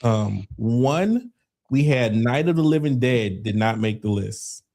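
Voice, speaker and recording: A man's voice: mid-range voice, lively intonation, slow pace, a little mellow. Guy hosting a podcast, loose and chatty, keeps repeating himself, just talking normal. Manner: loose, talks over others, repeats himself. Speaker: podcast host. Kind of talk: casual chat.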